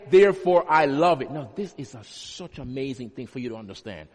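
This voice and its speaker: A man's voice: sits high, moderate pace, hardly any pauses. A male pastor preaching a sermon, teaching with emphatic repetition and homely everyday examples. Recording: long hall reverb.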